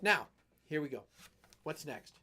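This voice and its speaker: A man's voice: a little high, a little slow, husky. A middle-aged man from western Canada telling a rambling story on his live stream, acting out what people said. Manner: rambling, animated storyteller who acts out quotes.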